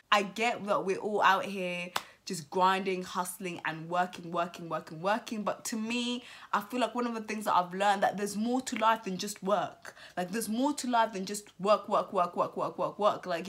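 A woman's voice: medium pitch, a bit bright. A woman in her twenties, a vlogger and entrepreneur, talking to the camera in a heartfelt, reflective way and repeating phrases for emphasis. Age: 20s. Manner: emotional, close to tears at times. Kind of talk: reflective birthday vlog talk. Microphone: camera mic, talking to camera.

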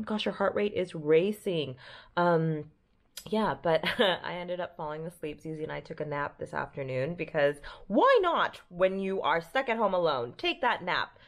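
A woman's voice: lowish voice, lively intonation, moderate pace. A young woman vlogging at home, chatting to the camera in an upbeat, rambling way. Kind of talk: casual vlog chat to camera. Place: at home in an apartment.

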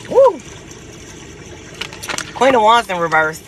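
A man giving a casual, profane tarot reading to his viewers, animated and quick to laugh. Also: high voice, noisy background. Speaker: tarot reader.

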